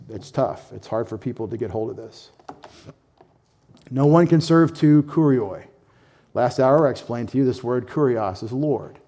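A man's voice: a little high, warm tone. A middle-aged man preaching an emphatic Bible-teaching sermon, asking his listeners questions and acting out short imagined replies. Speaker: pastor teaching scripture.

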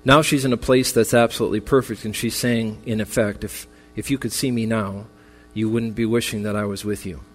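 A man's voice: lowish voice, fairly even intonation, fairly quick, few pauses. A man preaching a memorial sermon as pastor, earnest and consoling, his voice building in intensity. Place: church sanctuary. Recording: long reverb with faint music.

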